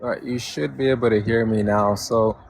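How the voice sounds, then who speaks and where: A man calling into a podcast to argue his view, speaking in a halting, measured way with frequent restarts. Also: mid-range voice, steady tone, gravelly, a little hiss or hum. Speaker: caller. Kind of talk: debate argument. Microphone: remote call mic.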